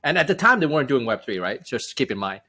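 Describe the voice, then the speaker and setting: A man speaks as a guest on a podcast, recounting his founder journey in a loose, conversational way. He leans on fillers and restarts his sentences as he goes. His voice sits at a medium pitch. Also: quick pace, breathy edge. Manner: relaxed, with frequent fillers and restarts. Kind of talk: casual storytelling in an interview.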